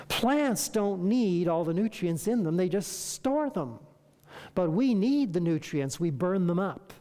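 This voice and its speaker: A lecturer speaks to a room with a mellow, relaxed tone that carries a long hall reverb. The delivery is animated, full of rhetorical questions and acted-out exchanges with patients. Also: mid-range voice, unhurried. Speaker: health lecturer. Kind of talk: lecture to an audience.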